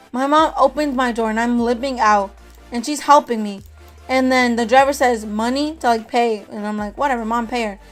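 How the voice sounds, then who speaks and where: Young woman vlogger, slightly high voice, quick swings between loud outbursts and muttering, lots of swearing, faint music under her. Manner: animated, profane, acts out quoted people. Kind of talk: casual storytime vlog.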